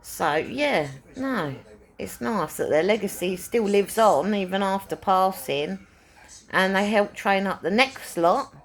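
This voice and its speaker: A woman's voice: medium pitch, unhurried. A woman chatting casually to camera, rambling and repeating phrases for emphasis as she talks about rescuing animals. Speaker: pet owner and animal rescuer.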